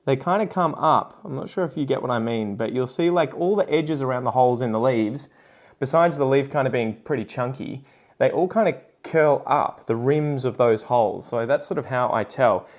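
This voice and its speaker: A man's voice: medium pitch, normal speed. A middle-aged man with an Australian accent, hosting a casual vlog and talking in a loose, rambling way, often correcting himself. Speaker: host. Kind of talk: casual plant-selling vlog.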